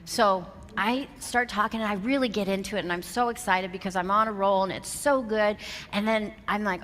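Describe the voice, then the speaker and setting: A woman's voice: mid-range voice, fairly quick. A woman in her fifties giving a motivational keynote to a live audience, telling stories animatedly and acting out the dialogue. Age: 50s. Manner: animated storyteller who acts out quoted dialogue. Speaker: motivational seminar speaker. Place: large hall with an audience. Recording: long hall reverb, faint background noise.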